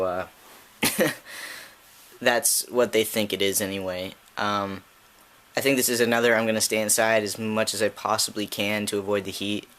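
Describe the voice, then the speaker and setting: A man chatting casually in a home vlog, rambling with lots of ums and restarts, filmed on a handheld camera indoors. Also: a bit bright. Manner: baby talk to his dog in a playful high voice. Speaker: vlogger. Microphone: handheld camera held in one hand.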